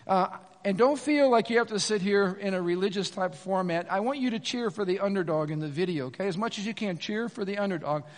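A middle-aged pastor with a high voice delivers an energetic, conversational sermon, often turning to the congregation with asides. He is recorded in a church sanctuary, where his voice trails off in a long reverb. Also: fairly quick.

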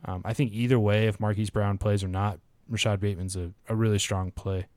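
A man with a low, smooth, clear voice talks through matchups in a steady, measured way. He sounds close to the microphone in a dry, dead room. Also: no room sound. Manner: steady, reads odds and injury news in a measured way. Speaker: fantasy football podcast co-host. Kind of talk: casual podcast chat.

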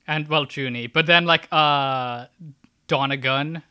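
A man's voice: a little high, slow pace, smooth. A man co-hosting a podcast who guides the talk and reads out review numbers. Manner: relaxed, moderating, reads out stats. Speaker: podcast co-host. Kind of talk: casual movie discussion.

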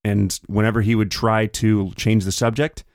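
A man's voice: lowish voice, little pitch movement, no echo, studio quality. A man hosting a podcast, talking through political commentary in a casual, conversational way. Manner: conversational, paraphrasing others in quick put-on quotes. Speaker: podcast host.

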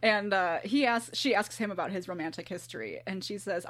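A woman's voice: medium pitch, fairly quick, hardly any pauses, fairly bright tone. A woman co-hosting a podcast, recapping a story in casual, laughing chat with crude jokes. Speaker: podcast co-host.

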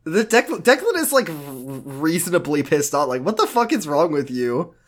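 A man's voice: fairly high pitch, very animated. A young man in his twenties co-hosting a podcast, joking and mocking as he recaps a show in casual chat. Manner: joking, mocking, quick asides. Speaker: podcast co-host.

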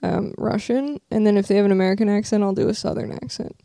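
A woman's voice: medium pitch, fast, vocal fry, warm tone, dry recording, clean studio sound. A woman co-hosting a podcast in casual chat, chatty and giggly, often trailing off with fillers. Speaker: podcast co-host.

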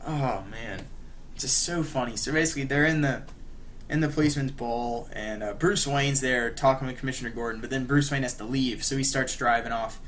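A man's voice: mid-range voice, brisk, fairly bright tone, slight background noise. A man co-hosting a podcast, casually retelling a story in a rambling way, full of "like" and "you know". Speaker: podcast co-host. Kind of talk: casual chat.

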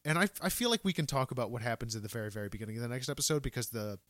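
A man's voice: medium pitch, animated, rapid-fire, fairly bright tone, no echo. A man co-hosting a podcast, recapping episodes in an enthusiastic, chatty way with frequent fillers. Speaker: podcast co-host. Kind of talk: casual recap chat.

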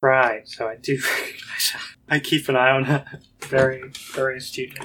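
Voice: mid-range voice, flat delivery, a little fast, a bit bright, a little hiss or hum. A laid-back player in a tabletop game.

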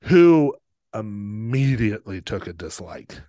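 Male podcast co-host, animated casual storyteller, dry close mic. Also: on the low side, slow, no room sound. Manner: animated, acts out quoted people, laughs often.

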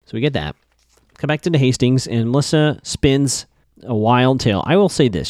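A man's voice: fairly low pitch, darkish tone, dry recording, clean studio sound. A man casually recapping a TV episode in a chatty, offhand way with frequent fillers.

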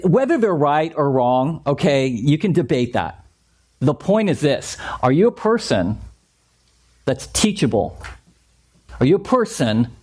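A man preaching a sermon as a pastor, animated and conversational, acting out the voices he quotes. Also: fairly high pitch. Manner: animated, acts out quoted voices, repeats points.

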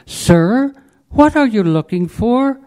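A man voicing a quiet, soft-spoken female librarian in a poem he performs. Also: very high voice, expressive, slow, pitched above the performer's own voice, heavily acted. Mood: hushed. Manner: hushed, gentle.

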